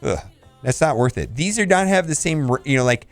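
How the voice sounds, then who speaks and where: A man's voice: fairly high pitch, lively intonation, a little fast, soft background music. A man hosting a casual game video, reviewing store offers with blunt verdicts and laughs. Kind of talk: casual commentary.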